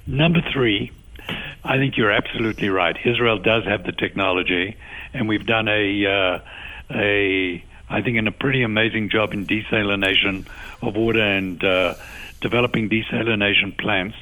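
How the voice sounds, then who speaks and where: A man with a South African accent speaks as a guest on a radio broadcast. His voice sits a little low but has a bright, forceful edge. He explains patiently and walks through his points in order. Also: fairly even intonation, poor audio. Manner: measured, explanatory, enumerating points. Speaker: guest, agency official. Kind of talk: radio interview answer.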